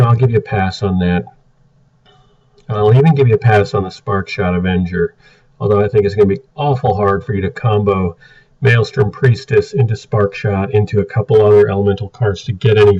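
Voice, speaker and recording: Blunt low-voiced man, muffled and distant. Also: warm tone. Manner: blunt, exasperated critic. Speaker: card game deck reviewer. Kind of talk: casual commentary.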